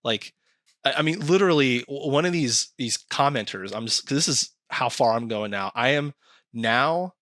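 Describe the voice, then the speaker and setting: A man chatting casually on a podcast, animated and swearing often as he acts out quoted comments. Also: mid-range voice, normal speed, no echo, studio quality. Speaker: podcast co-host.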